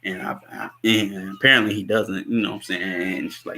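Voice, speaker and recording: Man, casual movie recap, rambling, laughs a lot, bright tone. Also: on the low side, steady tone, a little fast. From Chicago. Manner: rambling, laughs often, many fillers. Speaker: host.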